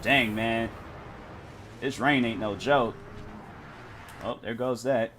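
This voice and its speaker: A man's voice: medium pitch, slow pace, a bit bright, slight background noise. A young man streaming a racing game, chatting casually in rambling, laid-back slang. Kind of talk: casual chat while gaming.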